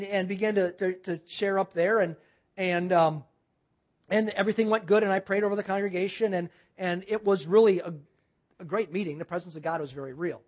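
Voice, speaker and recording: Minister, sermon anecdote, earnest, mid pitch, restarts a lot. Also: highs cut off. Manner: earnest, halting with frequent restarts. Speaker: guest minister. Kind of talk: sermon storytelling.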